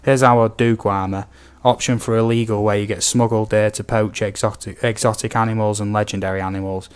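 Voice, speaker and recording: British man, fairly low voice, casual rambling stream chat, reads viewer comments, filler-heavy. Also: level tone, fairly quick, clear, resonant tone. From United Kingdom. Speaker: gaming streamer.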